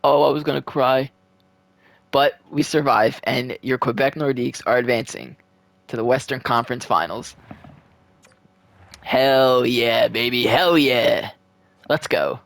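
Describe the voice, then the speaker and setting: A man's voice: medium pitch, unhurried, gravelly, long pauses, dry recording. A young man giving casual play-by-play commentary on a simulated hockey game from home, swearing and pleading with the game. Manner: excitable, swears, pleads with the game and cheers his team. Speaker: gaming video creator.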